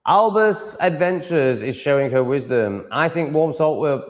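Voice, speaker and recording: A man's voice: medium pitch, a little mellow, long reverb tail. A man with a Yorkshire accent, chatting casually on a livestream, rambling and often cutting himself off mid-sentence. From Yorkshire, England. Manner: rambling, self-interrupting, chatty. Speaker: livestream host.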